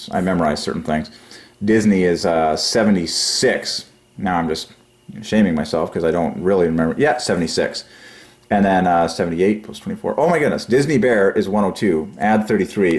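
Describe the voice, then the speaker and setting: Giggly guy rambling on about number stuff, lowish voice that swoops all over, trails off into mumbles. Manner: giggly, excitable, breaks into high laughs; trails off into low quiet mumbling while counting. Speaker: religious YouTube channel host. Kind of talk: rambling numerology monologue.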